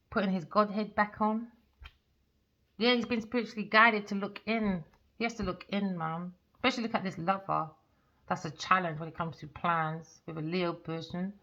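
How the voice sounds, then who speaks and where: A woman's voice: on the low side, creaky. A woman giving a rambling, emphatic tarot reading, swearing freely. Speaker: tarot reader. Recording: dull lo-fi recording.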